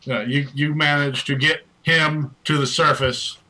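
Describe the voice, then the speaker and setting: A man's voice: a little high, flat delivery, measured pace, bright, forceful tone, slight background noise, rough recording. A man narrating as dungeon master, casual and easygoing. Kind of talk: narrating a tabletop game.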